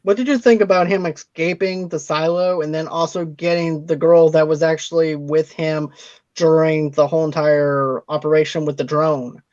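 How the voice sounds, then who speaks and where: A man's voice: on the high side, no room sound. A man co-hosting a casual movie review, recapping the plot step by step in a matter-of-fact way. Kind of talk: casual spoiler review chat. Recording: dry, slightly dull recording.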